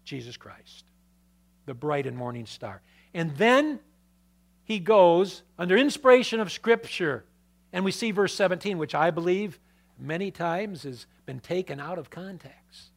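A man preaching a sermon in a notably high voice. He reads scripture, then turns to the congregation with questions, swinging between loud emphasis and a low, quiet delivery. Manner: reads scripture aloud, with restarts. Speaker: pastor.

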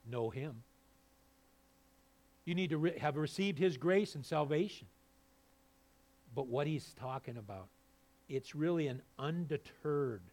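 A male pastor preaching a sermon, swinging between low, quiet passages and loud, fervent peaks.

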